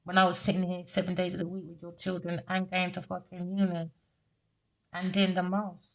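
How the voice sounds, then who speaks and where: A woman's voice: fairly low pitch, monotone, fairly quick, vocal fry, low-quality recording. A British woman giving an unscripted tarot reading, talking in a blunt, raw, confessional way and swearing freely. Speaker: tarot reader.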